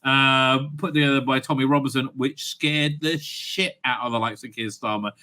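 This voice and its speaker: A man hosting political commentary, talking in a halting way with many fillers and restarts, sarcastic and indignant in tone. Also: mid-range voice, steady tone, bright, forceful tone. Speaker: host.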